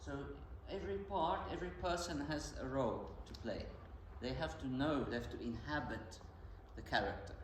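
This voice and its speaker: A man coaching a piano student in a masterclass, animated, singing phrases aloud to show them. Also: mid-range voice, normal speed, few pauses, a little hiss or hum. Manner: animated, sings phrases to demonstrate. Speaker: piano teacher. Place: school hall with piano. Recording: roomy hall, from far off, piano playing.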